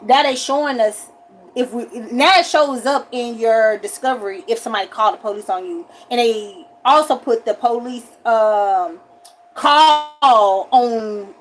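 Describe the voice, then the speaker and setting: Woman livestreamer, slightly high voice, animated casual storytime, faint background noise. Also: rough recording. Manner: animated, acts out quotes with sharp pitch jumps.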